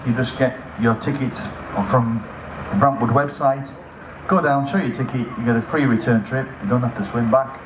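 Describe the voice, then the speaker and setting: A man's voice: medium pitch, steady tone, moderate pace. A man making chatty announcements at an outdoor lakeside event, joking about himself between notices. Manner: chatty, self-mocking jokes between notices. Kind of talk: casual public announcements over a PA. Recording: echoey PA sound with outdoor noise.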